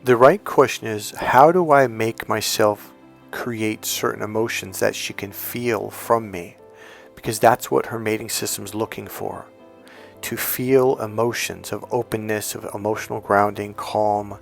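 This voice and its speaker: Male dating coach, gravelly tone, emphatic delivery that swings from loud and punchy to slow and hushed. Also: lowish voice. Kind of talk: coaching monologue.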